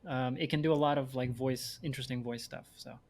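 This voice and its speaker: A man's voice: medium pitch, steady tone, a little fast, creaky. A man co-hosting a casual podcast chat, enthusiastically explaining tech and summarizing notes. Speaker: podcast host.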